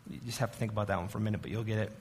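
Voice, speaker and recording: A man's voice: on the low side, steady tone, rapid-fire, husky. A man, the church's arts director, giving a casual sermon talk in a chatty, self-deprecating way with many fillers and restarts.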